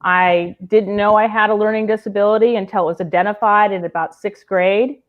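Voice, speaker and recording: A woman's voice: medium pitch, fairly even intonation, fairly quick, narrow, tinny audio. A woman in her thirties, a teacher who is a guest on a talk show, answering thoughtfully and hesitantly with many fillers. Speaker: sixth grade teacher, guest. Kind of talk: interview answers.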